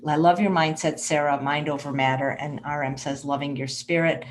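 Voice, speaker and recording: A woman's voice: low-pitched, steady tone, moderate pace. A woman hosting a casual interview, chatty and rambling as she reads out viewer comments. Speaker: host.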